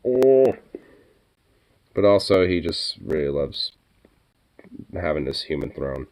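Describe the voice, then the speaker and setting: A man with a very deep voice talks casually for his vlog. He is laid-back and swears freely, and he slips into soft, cooing talk with his pets. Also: unhurried. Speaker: vlogger. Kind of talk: casual chat.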